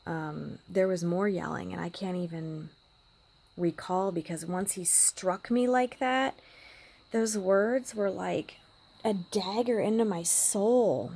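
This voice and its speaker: Woman vlogger, gravelly and warm-toned, emotional storyteller who slips into whispers. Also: lowish voice, slow. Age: adult parent. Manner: emotional, drops to a hushed whisper at times. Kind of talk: personal storytelling vlog.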